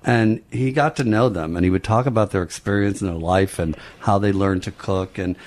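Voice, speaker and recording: A man's voice: deep voice, a little fast, darkish tone. A man co-hosting a radio talk show, easygoing and reflective. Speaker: radio co-host. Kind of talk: casual chat.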